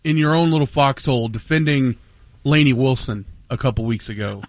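Man, teasing sports radio co-host, casual banter, mid pitch, dry studio mic. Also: brisk, no room sound. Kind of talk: casual chat.

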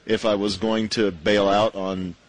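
A man with a low voice co-hosting a radio show. His delivery is dry and wry, relaxed casual banter between hosts. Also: unhurried, rough recording. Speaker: radio co-host.

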